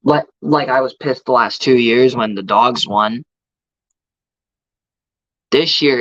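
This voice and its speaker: A man streaming live goes on a profane, heated rant about college football, saying hello to chat viewers along the way. His voice is medium-pitched and a bit bright, slow with frequent pauses, captured by a dry, slightly dull mic with no room sound.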